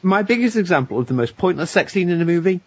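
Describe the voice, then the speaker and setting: A man's voice: high voice, animated, fast, husky, no echo. A man guesting on a casual podcast, jokey and ranting. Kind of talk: casual chat. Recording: dry, muffled lo-fi audio.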